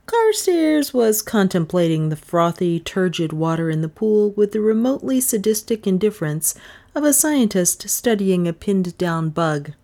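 A woman reading a hardboiled comic novel aloud as audiobook narrator, brisk and wry. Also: medium pitch, big pitch swings, dark tone. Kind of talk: scripted narration.

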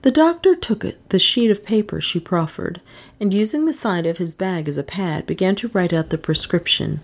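A woman narrates a novel in a low, deep register. Her reading is measured, with a lively, rolling melody. She gives the characters light voices of their own. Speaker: audiobook narrator.

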